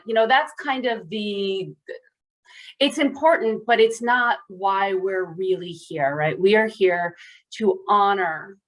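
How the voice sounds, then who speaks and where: A woman's voice: mid-range voice, low-quality recording. A woman clinician presenting in a webinar over a video call, earnest, with frequent "right?" tag questions.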